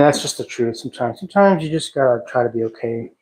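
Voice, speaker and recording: Guy on a home livestream thinking out loud, halting, kinda reflective, sings quietly here and there. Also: mid-range voice, lively intonation, background noise. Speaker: livestream host. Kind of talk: casual livestream talk. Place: at home, cleaning a house.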